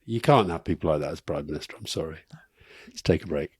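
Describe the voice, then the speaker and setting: A man's voice: extremely low pitch, quick pace, slightly rough, dry recording, clean studio sound. A middle-aged man co-hosting a live podcast, telling wry anecdotes and laughing as he goes. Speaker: podcast co-host. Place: live stage event.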